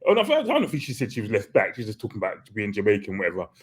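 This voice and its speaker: A man's voice: lowish voice, huge pitch swings, racing, breathy edge. A man hosting a podcast, chatting casually and hesitantly, often restarting his sentences and chuckling. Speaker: podcast host. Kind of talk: casual chat.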